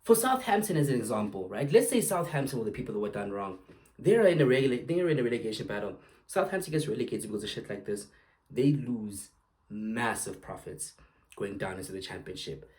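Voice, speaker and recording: A man's voice: fairly low pitch, expressive, fairly quick, a little mellow. Swearing young man ranting about football. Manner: heated, swearing, sarcastic outbursts. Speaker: podcast host. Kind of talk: angry football rant.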